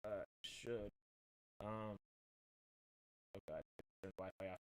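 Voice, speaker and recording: A man's voice: on the low side, takes it slowly. Male streamer, casual and rambling, desktop mic at home. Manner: rambling, self-correcting while fixing mic problems. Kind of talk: casual livestream chat. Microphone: desktop USB mic with pop filter.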